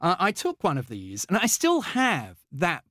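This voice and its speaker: An English-raised man as an interview guest, recounting his past with eager, animated energy and plenty of filler words and false starts. His voice sits a touch high for a man, recorded close and dry with no room sound. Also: measured pace, no room sound. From England. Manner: eager, animated storytelling with many fillers and restarts. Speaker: guest, mathematician. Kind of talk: conversational interview storytelling.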